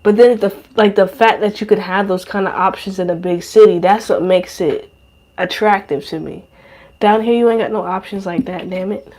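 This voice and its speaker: A woman's voice: medium pitch, fairly even intonation, normal speed, a little mellow. Profane, rambling young woman podcaster. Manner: profane, slangy, rambling with many fillers. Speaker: podcast host. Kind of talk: casual monologue.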